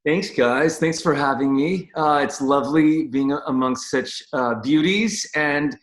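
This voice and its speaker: A man's voice: a little high, measured pace, reverberant. A man from California, a guest on a dance talk show, chatting in a rambling, friendly way over a video call. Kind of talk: casual video-call chat.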